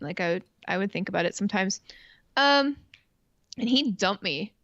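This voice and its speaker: A woman's voice: medium pitch, animated, moderate pace, fairly bright tone, dry recording, lo-fi sound. A woman from Canada telling a long personal story in casual chat, rambling with lots of fillers and swearing freely. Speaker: stream co-host.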